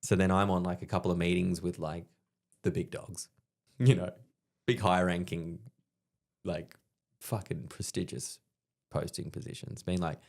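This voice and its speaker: A man in his thirties with an Australian accent, telling profane, animated stories in casual chat as a guest comedian. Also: sits low, moderate pace, long pauses.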